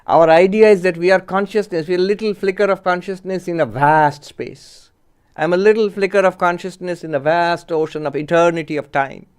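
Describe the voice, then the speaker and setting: A monk and spiritual teacher delivers a measured lecture on philosophy, his voice sitting high and smooth. He drives his points home by putting rhetorical questions to his listeners.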